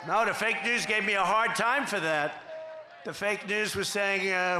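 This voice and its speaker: A man giving a campaign rally speech in a boastful, rambling, repetitive way, sometimes shouting to the crowd. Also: sits high, moderate pace. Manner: boastful, repetitive, rambling, quoting others in asides; shouting to a cheering crowd at times. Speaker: political candidate at a rally. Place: large rally venue. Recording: echoey venue with faint background noise.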